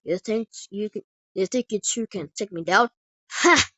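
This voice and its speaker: A woman voicing a huge, enraged green male brute who talks low, growly and menacing. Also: moderate pace, a bit bright, no room sound, close to an everyday voice. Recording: dull dry lo-fi recording.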